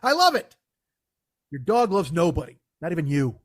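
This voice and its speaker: A man's voice: on the high side, sing-song, moderate pace, no room sound, studio quality. A man hosting a comedy podcast, ranting in a profane, sarcastic, mocking way. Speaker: podcast host.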